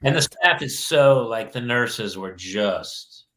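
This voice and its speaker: Bright-toned man chatting excitedly. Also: mid-range voice, takes it slowly, roomy sound, a little hiss or hum, poor audio. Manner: rambling, excitable storytelling. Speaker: podcast host. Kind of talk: casual chat.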